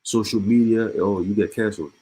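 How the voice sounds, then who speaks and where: A low-pitched man reads the news aloud in a casual way and comments between the lines. His voice is husky. He repeats words and breaks off with short laughs. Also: steady tone, brisk, dark tone, low-quality recording. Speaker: online commentator.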